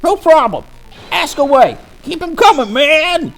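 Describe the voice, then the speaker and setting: A let's-play gamer voicing a loud, eager teenage boy art student who shouts every line in a high, boisterous voice. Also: expressive, normal speed, faint music behind, close to an everyday voice. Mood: shouting eager.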